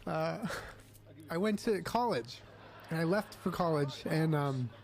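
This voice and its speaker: A young man hosting a podcast, emotional and near tears as he talks haltingly to his listeners at the end of the show. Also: a little high, lively intonation, gravelly, a little mellow. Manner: halting, many fillers and restarts. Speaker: podcast host and streamer. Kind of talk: casual farewell talk to listeners.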